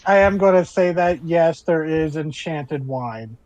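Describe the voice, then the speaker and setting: A man's voice: on the high side, lively intonation, measured pace, a little mellow, highs cut off. A man running a tabletop game as game master, narrating casually and improvising world details.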